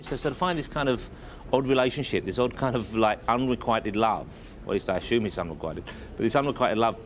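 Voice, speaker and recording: A man's voice: mid-range voice, a little fast, a little hiss or hum. A man giving a thoughtful, analytical reflection in a documentary interview.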